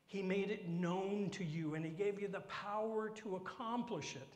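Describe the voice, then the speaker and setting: A man preaching a sermon, with dramatic drops into whispered asides and slow emphatic phrasing. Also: on the high side. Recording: echoey hall.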